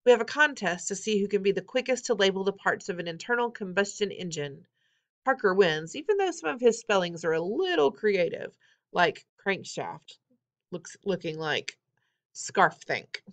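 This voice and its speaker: A woman reading a novel aloud in an expressive, wry first-person storytelling manner. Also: medium pitch, normal speed. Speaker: audiobook reader.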